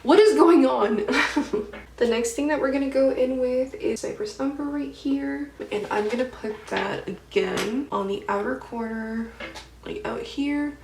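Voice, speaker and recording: A young beauty vlogger chats casually about her dreams while doing her makeup at home, her speech packed with "like" and slang. Her voice sits high and a little dark, with a measured pace. The mic is distant in an echoey room, so she sounds somewhat off-mic, and there's a faint hiss or hum.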